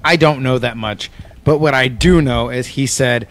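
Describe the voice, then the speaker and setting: A man's voice: medium pitch, moderate pace. A man telling a heated, profane story in casual chat among friends.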